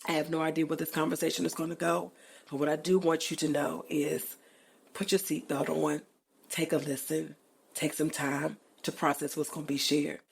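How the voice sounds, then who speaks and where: A middle-aged woman with a low voice hosts a podcast in a casual, chatty way. She speaks emphatically and playfully, leaning on colloquial phrasing. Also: little pitch movement, moderate pace, creaky, husky. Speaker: podcast host. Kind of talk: casual chat.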